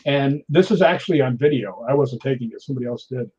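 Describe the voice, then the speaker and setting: A husky man in his sixties, mid-range in pitch, talks quickly as an interview guest. He tells stories with lots of energy and acts out the voices of the people he quotes. The audio is dull and lo-fi.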